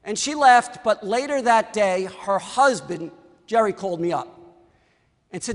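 A man, an orthodontist, telling a story to an audience and acting out the dialogue in a lively way. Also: high-pitched, unhurried, long reverb tail.

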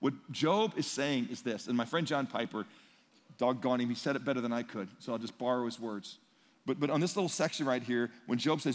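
A male pastor preaching a sermon in a conversational, emphatic way, swinging between loud and hushed. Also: mid-range voice, fairly quick. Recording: long reverb in a large hall.

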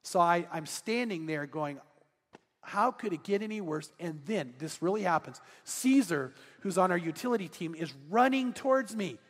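Male pastor, high voice, animated storyteller, long church reverb. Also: moderate pace. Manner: animated, acts out dialogue in his story. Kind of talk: sermon storytelling. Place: large church sanctuary.

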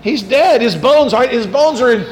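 Animated high-voiced man preaching in a hall. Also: a little slow. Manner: animated, acts out quotes, rhetorical asides. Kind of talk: sermon. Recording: roomy hall, faint room noise.

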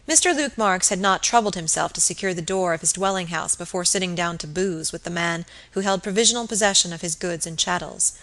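A woman narrates a classic novel in a measured, expressive voice. Her tone is bright and forward. It is a steady audiobook reading. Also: fairly low pitch, poor audio.

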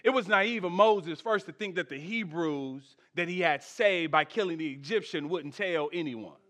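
A male pastor with a high, bright, ringing voice, preaching a lively sermon. He builds to shouted peaks, then drops into soft, joking asides to the congregation. The whole thing sounds like a live church service. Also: moderate pace. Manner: humorous, conversational asides to the congregation.

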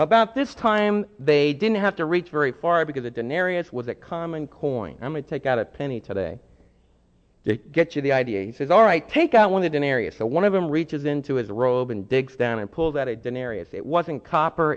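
Animated preacher man in a reverberant hall. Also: on the high side. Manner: animated, acts out quoted voices. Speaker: pastor. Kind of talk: sermon. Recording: muffled hall recording with long reverb.

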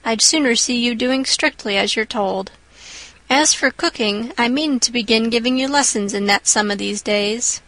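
A woman's voice: on the high side, moderate pace, fairly bright tone, no room sound. A woman voicing a stern older spinster who speaks in a brusque, scolding way.

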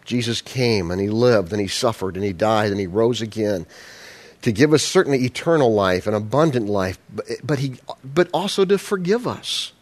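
A man's voice: on the low side, expressive, moderate pace. A man preaching a sermon in a conversational style, asking the congregation rhetorical questions. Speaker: pastor.

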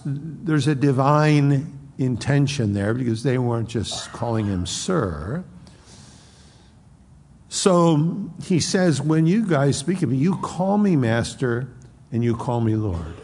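Gravelly-voiced preacher in a reverberant church. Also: male voice, mid-range voice, a little mellow. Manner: conversational, acts out quoted speech. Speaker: pastor. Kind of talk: expository sermon.

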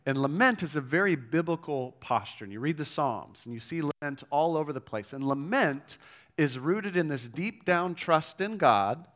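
A pastor preaching a sermon in a conversational way, checking in with the listeners and reading scripture aloud with emphasis. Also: male voice, a little high, a bit bright. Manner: conversational preaching with frequent "right?" and "okay?" check-ins.

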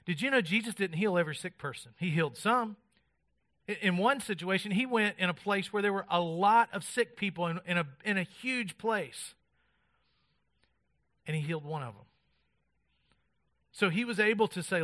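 A man's voice: a little high, moderate pace, pushed and bright. A middle-aged man preaching a sermon in a conversational way, acting out the voices of people in the stories he tells. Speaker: pastor.

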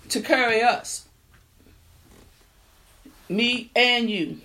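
A woman preaching a sermon. She reads scripture quietly, then preaches in a casual way, repeating her refrain with rising fervor. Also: mid-range voice. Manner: builds from quiet reading to fervent, repetitive preaching; colloquial, drops verbs in speech.

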